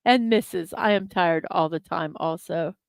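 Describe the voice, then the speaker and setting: A woman's voice: fairly low pitch, normal speed, vocal fry, smooth, no echo. A woman hosting a daily morning livestream, chatting casually and giggling as she talks to viewers in the chat. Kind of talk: casual live-stream chat.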